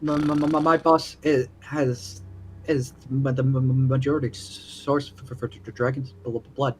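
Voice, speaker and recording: A nervous envoy, as a player puts him on stumbles over his words with a heavy stutter, repeating syllables again and again. The man's voice sits at a middle pitch, and faint music plays behind him. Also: level tone, moderate pace, a little mellow, a little hiss or hum, natural voice. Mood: stammering, pleading. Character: nervous stammering male merchant's envoy. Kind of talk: tabletop role-play.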